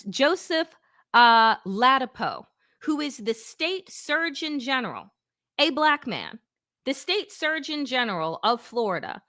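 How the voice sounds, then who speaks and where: A woman's voice: on the high side, bright, forceful tone, no room sound, studio quality. A middle-aged woman hosting her own show, talking through politics in a casual, indignant way, swearing freely and using lots of fillers. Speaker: political commentary host.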